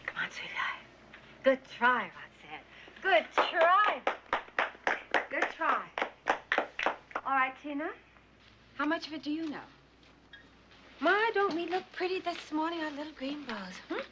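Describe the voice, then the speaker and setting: An actress playing a firm, devoted schoolteacher who patiently encourages struggling children. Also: female voice, high-pitched, big pitch swings, a little slow, pauses often, noisy background. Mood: coaxing. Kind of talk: film drama acting. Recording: slightly dull film soundtrack.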